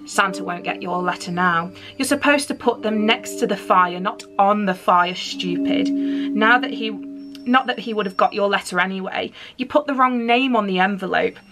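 A woman's voice: medium pitch, moderate pace, over music, lightly acted. A sneering, spiteful young girl, as a woman reads her. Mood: taunting. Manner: sneering, taunting. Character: spiteful older sister, young girl, mocking.

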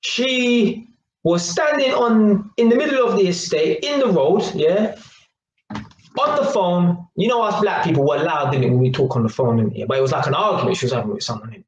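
A man giving a rambling, emphatic opinion monologue and tagging his points with quick questions. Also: high-pitched, expressive, roomy sound, dull audio. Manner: rambling and emphatic, tags lines with "yeah?" and "innit". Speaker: YouTuber.

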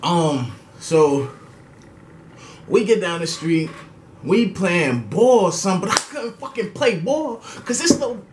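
A man's voice: sits high, sing-song, slow pace, echoey room, a little hiss or hum. A young man telling a casual story time. His talk is slangy and profane, and he laughs as he goes. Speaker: storytelling vlogger.

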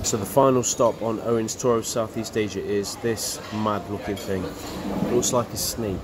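Fairly low in pitch, this man's voice stays steady at a moderate pace. Vlogging casually from a tropical resort, he offers wry, chatty asides while tasting food, over background ambience.

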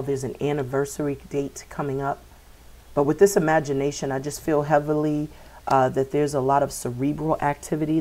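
A woman with a deep, darkish voice gives a spiritual tarot reading for her viewers. She meanders as she talks, using many fillers and repeating words.

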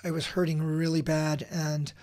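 A man's voice: a little high, flat delivery, moderate pace, a little mellow. A man in his forties, a podcast guest, telling personal stories in an intense, blunt way, swearing freely and often restarting his sentences. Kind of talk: emotional personal storytelling.

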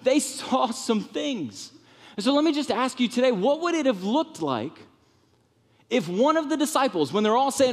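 A man preaching a sermon in a church with lively, animated delivery, sometimes softening to a hushed, comforting tone. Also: moderate pace. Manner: animated preaching, drops to soft tones for comfort, rises high for emphasis. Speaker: pastor. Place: church sanctuary. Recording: long reverb of a church hall.

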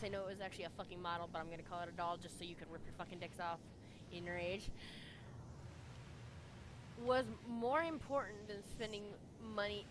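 With background noise in the recording, a woman co-hosts a casual podcast chat in a medium-pitched voice. Her storytelling is blunt and profane, full of heavy swearing, and she talks with her hands.

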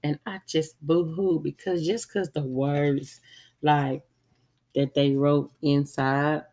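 Slow, low-voiced woman with a stuffy cold. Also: steady tone, mellow. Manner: chatty, rambling, with frequent ums. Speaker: vlogger. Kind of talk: casual holiday haul chat.

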